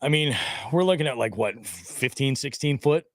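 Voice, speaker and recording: A man hosting a casual fishing podcast, telling animated stories with a lot of swearing. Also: medium pitch, moderate pace, no room sound, clean studio sound. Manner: animated storytelling, heavy swearing. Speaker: podcast host. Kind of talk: casual profane chat.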